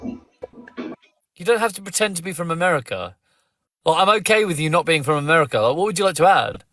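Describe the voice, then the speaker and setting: English man, live-stream host, blunt with callers, slightly high voice, dry close sound. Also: lively intonation, brisk, a bit bright, no room sound, faint music behind. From England. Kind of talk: casual live-stream chat.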